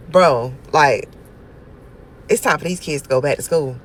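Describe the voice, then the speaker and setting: A woman telling a story about her niece and nephew in a casual vlog, animated and exasperated, with sudden loud outbursts. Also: deep voice, normal speed, long pauses, a little hiss or hum, low-quality recording. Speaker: aunt telling a family story.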